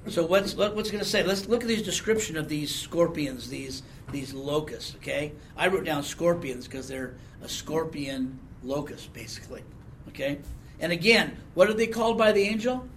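Man teaching a sermon, slightly high voice. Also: moderate pace, a little hiss or hum. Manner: conversational, asks the congregation questions, frequent "okay?". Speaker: preacher.

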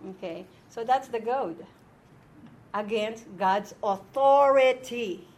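A woman's voice: on the high side, takes it slowly, a little mellow, slight background noise. A woman teaching an informal Bible and Hebrew lesson to a small group, explaining step by step and often checking that her listeners follow.

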